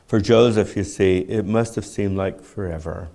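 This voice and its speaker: A man in his seventies preaching a sermon in a measured, reflective way, often asking his listeners rhetorical questions. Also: lowish voice, gravelly, warm tone. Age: 70s.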